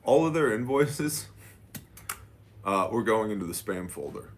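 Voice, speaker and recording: A man's voice: on the low side, a little slow, slight background noise. A man and business owner telling a casual story, acting out the dialogue with "I'm like" and "she's like.". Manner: animated, quotes dialogue with "I'm like".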